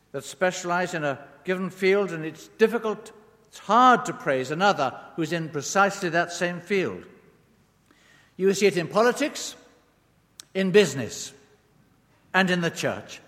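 A male preacher delivers a sermon in a fairly high voice that rises and falls with lively emphasis. His words ring out with the long reverb of a large hall. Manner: expressive, rising and falling emphasis.

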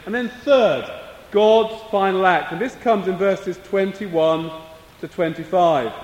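A man preaching a sermon, slow and measured, coughing now and then. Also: fairly high pitch. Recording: echoey hall, voice from a distance.

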